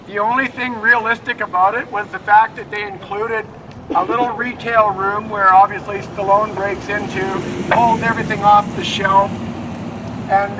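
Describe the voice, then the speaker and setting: A man's voice: high-pitched, bright, forceful tone, recorded from a distance, slight background noise, low-quality recording. A middle-aged man leading a walking tour outdoors, telling anecdotes in a rambling way with many fillers and restarts. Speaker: tour guide. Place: outdoors on a town street.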